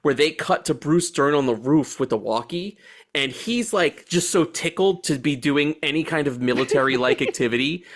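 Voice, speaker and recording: Man in his 40s gushing about a movie, swears a lot, kinda high voice. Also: normal speed. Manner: excited, profane, animated. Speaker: podcast co-host. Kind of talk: casual movie chat.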